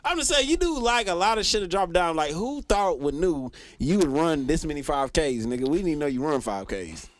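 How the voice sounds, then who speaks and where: Animated teasing man, high lively voice. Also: fairly quick, hardly any pauses, dry recording. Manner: teasing, animated storytelling with frequent laughter. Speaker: talk show co-host. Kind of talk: casual banter among friends.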